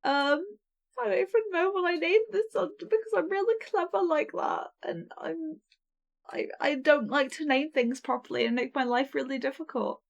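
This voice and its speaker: A woman's voice: sits high, normal speed, vocal fry, muffled recording. A young adult woman streaming a game, chatting casually and thinking aloud in a flustered, giggly way. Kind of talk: casual live-stream gameplay chat.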